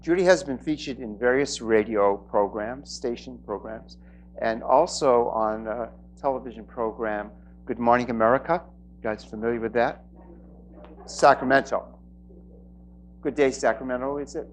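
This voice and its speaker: A man's voice: mid-range voice, normal speed, slight background noise. A man hosting a live event, introducing the next speaker in a casual, joking way and correcting himself. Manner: playful, joking, self-correcting. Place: indoor event hall before a live audience.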